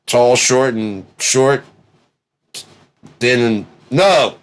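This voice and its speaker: A man in a profane, rambling monologue that swings between low mutters and excited yelling. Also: drawn-out words.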